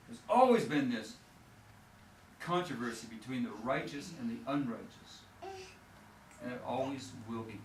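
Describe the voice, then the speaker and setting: A male pastor preaches in a roomy church sanctuary, heard from some distance from the microphone, with steady background noise in the recording. He talks to his congregation casually, with frequent "uh"s and restarts. He slows down and lifts his voice when he reads scripture. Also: mid-range voice. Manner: conversational preaching, many fillers and restarts, checks in with "okay?"; reads scripture in a slower, raised voice. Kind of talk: sermon. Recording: echoey church sanctuary, mic at a distance, noisy.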